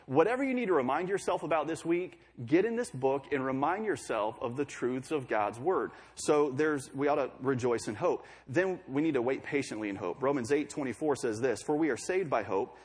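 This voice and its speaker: A man's voice: mid-range voice, animated, a little fast, slightly rough. A young man preaching a sermon in a conversational way, with joking asides between scripture readings.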